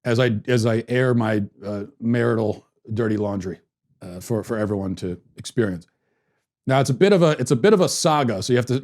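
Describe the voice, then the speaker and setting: A man in his thirties hosting a commentary show, telling a story at home in a sarcastic, deadpan way and keeping his voice down. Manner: lowers his voice to keep quiet at home. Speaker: podcast host. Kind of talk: opinion commentary monologue.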